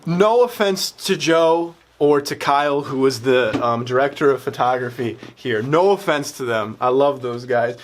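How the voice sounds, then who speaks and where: A man's voice: medium pitch, animated, normal speed, hardly any pauses. A young man casually commenting on his old student film in a rambling, self-mocking way. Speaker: filmmaker reacting to his old films.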